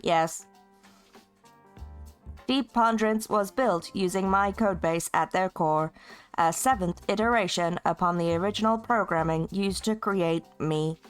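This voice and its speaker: A woman voicing a hateful, grandiose computer villain who speaks in slow, menacing, pompous decrees. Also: fairly low pitch, smooth, faint music behind, lightly acted. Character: hateful old AI supervillain, bitter and grandiose.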